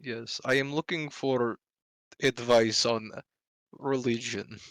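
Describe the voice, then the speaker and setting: A man's voice: mid-range voice, fairly even intonation, takes it slowly, a bit bright, no room sound. A man voicing a large, earnest male mountain dweller who talks in broken, stilted English.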